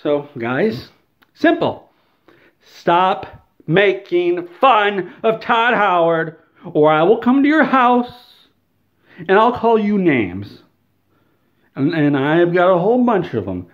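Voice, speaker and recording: A man's voice: high voice, very animated, slow pace, highs cut off. Man in an over-the-top mock rant. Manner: mock-outraged, exaggerated whiny ranting. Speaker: comedy video creator. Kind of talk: satirical rant to camera.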